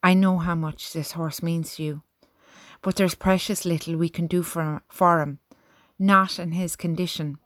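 A woman voicing a calm, commanding middle-aged army major. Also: on the high side, dry recording, studio quality. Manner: measured, commanding.

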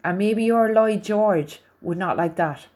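Woman putting on a tired soldier, slow and careful, soft mellow tone. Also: medium pitch, lightly acted. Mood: gentle. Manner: slow, careful, formal phrasing. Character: tall weary German soldier man, gentle, thoughtful.

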